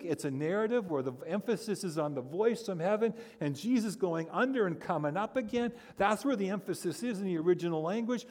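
A male pastor giving a sermon, telling stories with humor and building to animated emphasis. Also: sits high, a little fast, few pauses. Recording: long reverb of a large hall.

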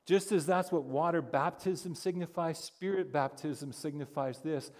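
A man's voice: fairly high pitch, measured pace. Preaching man in an echoing hall. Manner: animated storytelling with humor and rising emphasis. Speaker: pastor. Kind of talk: sermon. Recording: long reverb of a large hall.

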